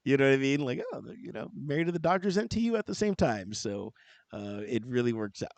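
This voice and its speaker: A man's voice: medium pitch, very animated, fairly quick, vocal fry, no room sound. Jokey man who keeps laughing. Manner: jokey, laughs often, repeats "you know what I mean". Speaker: podcast co-host. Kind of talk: casual chat.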